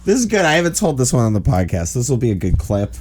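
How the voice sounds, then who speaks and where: A man's voice: medium pitch, quick pace. A man in his forties, hosting a podcast and telling a long rambling story with lots of "like". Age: 40s. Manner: animated, rambling anecdotes full of "like". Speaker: podcast host. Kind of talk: casual storytelling chat.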